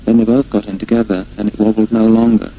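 A man reads a children's storybook aloud in a gentle, unhurried way. His voice is low and mellow, with a faint hiss behind it. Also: flat delivery, lo-fi sound.

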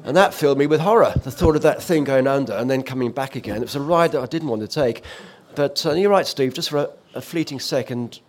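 A fast talker who hardly pauses, this former offshore radio presenter has a mid-range, slightly mellow voice. He reminisces in conversation, telling a vivid story punctuated by frequent fillers and restarts.

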